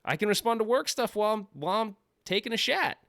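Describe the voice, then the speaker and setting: A man's voice: sits high, expressive, fast talker, fairly bright tone, no echo, studio quality. A man hosting a casual livestream from his home office, rambling and joking, often laughing at himself. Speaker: livestream host.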